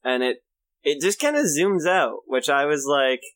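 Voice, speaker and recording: A woman's voice: low voice, animated, unhurried. A woman co-hosting a casual chat, adding wry comments to a show recap. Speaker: podcast co-host.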